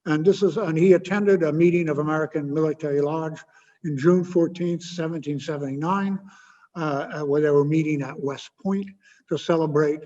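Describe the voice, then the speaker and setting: A man giving an informal history lecture, halting often with filler sounds and adding wry asides. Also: fairly high pitch, steady tone, mellow. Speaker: guest speaker. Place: lecture hall. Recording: muffled with long hall echo.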